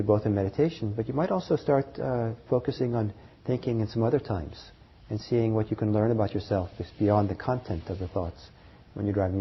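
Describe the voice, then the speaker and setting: A man teaching meditation to a live group, talking in a halting way with fillers, restarts and soft chuckles. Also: on the low side, husky. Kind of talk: dharma talk to a group. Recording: dull lo-fi talk recording.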